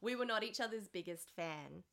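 A woman's voice: medium pitch, expressive, moderate pace, gravelly, fairly bright tone. A woman co-hosting a podcast in casual chat, frank and supportive. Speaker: podcast co-host.

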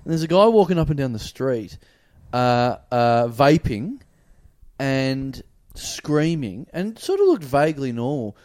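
Animated man telling a street story. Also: mid-range voice, a little slow, no room sound, studio quality. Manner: animated storyteller, swearing, acting out a stranger's yelling. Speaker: podcast co-host. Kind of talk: casual chat, storytelling.

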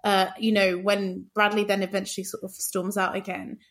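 A woman co-hosting a podcast, chatting about a film in an animated, playfully sarcastic way, often laughing. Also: mid-range voice, moderate pace. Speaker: podcast co-host. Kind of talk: casual chat about a film.

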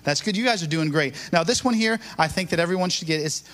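Upbeat high-voiced preacher. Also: male voice, animated, quick pace, few pauses, fairly bright tone. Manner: upbeat, talks with the congregation, quizzes them, then prays. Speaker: bishop preaching. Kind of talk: sermon. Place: church before a live congregation.

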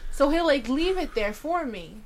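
A woman's voice: sits high, very animated, normal speed, crowd noise. A woman chatting casually as a podcast guest, telling stories and defending herself. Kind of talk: casual chat.

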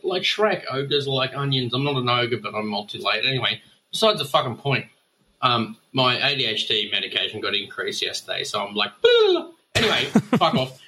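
A man's voice: mid-range voice, a little fast, sharp tone, low-quality recording. A man with an Australian accent on a podcast, rambling and swearing freely. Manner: profane, rambling. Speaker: podcast guest. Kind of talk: casual podcast chat.

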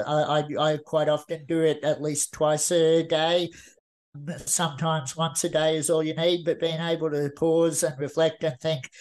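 A man, a podcast guest talking earnestly and reflectively, often restarting his sentences. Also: a little high. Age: 40s. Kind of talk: casual interview talk.

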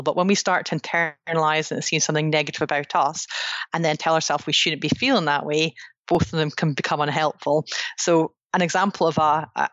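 A woman's voice: sits low, no echo. A woman, a psychologist and author, explaining ideas earnestly in a conversational interview, often restarting her sentences. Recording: dry, dull lo-fi sound.

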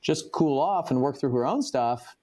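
A man's voice: mid-range voice, expressive, moderate pace, dark tone. A man speaking as a coaching client with a mid-range voice. He recounts things casually and loosely, with many fillers and asides. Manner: loose, filler-heavy storytelling. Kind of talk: casual personal account.

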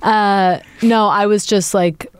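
A woman's voice: mid-range voice, steady tone, slow, smooth, no echo. A woman in her forties, chatting casually as a guest and rambling with lots of fillers. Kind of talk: casual conversation.

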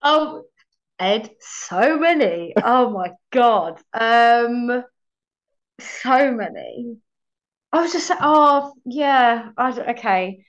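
A young woman actor, appearing as a podcast guest, tells stories in casual conversation, laughing often and acting out things she once said. Her voice is on the high side, expressive, and extremely slow, and the lo-fi audio is slightly muffled.

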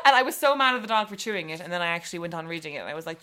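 An enthusiastic woman with a slightly lower voice talks about books she loves. She gushes, laughs easily and speaks in a relaxed, chatty way. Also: racing, few pauses. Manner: enthusiastic, laughs often, gushing. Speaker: guest. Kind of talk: casual chat about books.

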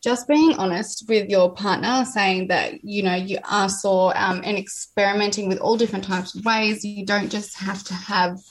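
A woman's voice: medium pitch, steady tone, normal speed, few pauses. Earnest woman sharing openly. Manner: earnest and open, speaks through restarts. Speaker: interview guest. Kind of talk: candid personal conversation.

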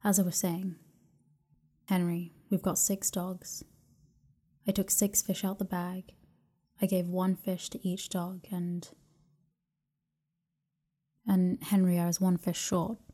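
A woman reading a classic novel aloud as a calm bedtime story, soft and unhurried, slipping into whispers at times. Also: on the low side. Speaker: narrator.

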